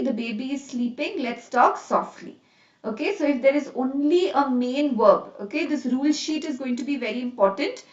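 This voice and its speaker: A woman's voice: sits high, moderate pace. A woman with an Indian English accent teaching an online grammar lesson, mixing in Hindi and checking in with her class often. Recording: dull, echoey, a bit distant.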